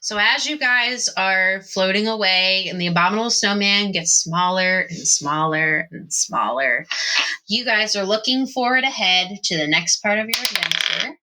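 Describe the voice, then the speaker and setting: Bright-voiced woman game master. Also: mid-range voice, moderate pace, slight background noise, rough recording. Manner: animated, laughing often. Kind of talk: narrating a tabletop game.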